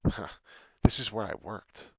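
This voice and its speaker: A man hosting a casual crypto livestream, talking in an excitable, rambling way with frequent swearing. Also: on the low side, measured pace, gravelly, husky, dull audio. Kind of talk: casual live chart talk.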